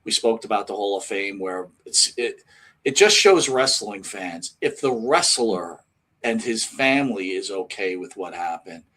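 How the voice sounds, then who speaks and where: Low-voiced man co-hosting a podcast. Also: expressive, unhurried, fairly bright tone. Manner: rambling, enthusiastic questions with restarts. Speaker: podcast co-host. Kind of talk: casual podcast interviewing.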